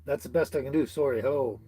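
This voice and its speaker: This host talks at a quick clip in a mid-range, warm, husky voice. He's running a relaxed livestream out of a tiny house on wheels, saying hello to viewers, reading their comments aloud, laughing frequently and fumbling names.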